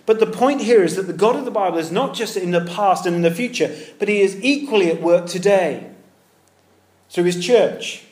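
A man preaching a sermon in a lively, conversational way, dropping in everyday comparisons. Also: high-pitched, normal speed. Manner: lively, conversational with pop-culture asides. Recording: echoey room.

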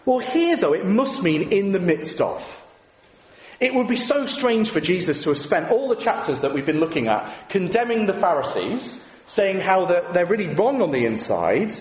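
In a church, a man preaches a conversational sermon, tossing rhetorical tag questions at the congregation. His voice is high with a darkish tone, and the echoey hall adds long reverb.

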